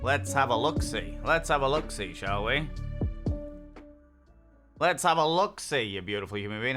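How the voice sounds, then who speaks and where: A man's voice: medium pitch, very animated, normal speed, pushed and bright. A man streaming a game, chatting casually with viewers, upbeat and swearing freely. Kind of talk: casual chat while reading viewer messages. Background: faint lo-fi music.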